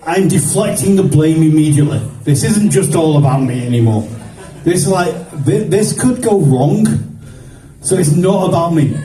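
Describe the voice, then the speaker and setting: Man, stand-up comic, swearing storyteller, very mellow dark tone, echoey room, phone mic from afar. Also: fairly high pitch, recorded from a distance. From grew up in the 1970s. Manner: swearing, rambling anecdotal delivery with voiced characters. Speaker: stand-up comedian. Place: stage at a comedy show. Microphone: phone filming from the audience. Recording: roomy phone recording from afar.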